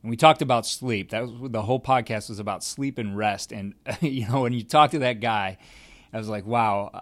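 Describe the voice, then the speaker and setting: A man's voice: medium pitch, moderate pace, a bit bright. A man hosting a podcast, talking in a loose, conversational way. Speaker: podcast host. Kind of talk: casual interview chat.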